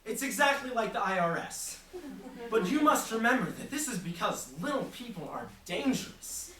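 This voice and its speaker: A performer playing a greedy, self-important martial arts master in a comedy sketch, speaking in a mock-solemn, pompous way. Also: female voice, fairly high pitch, sing-song, moderate pace, sharp tone. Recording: echoey room from far off, background noise.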